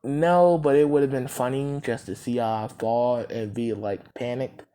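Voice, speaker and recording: Blunt, deadpan male teacher in a fan story, low-voiced woman reading him. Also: unhurried.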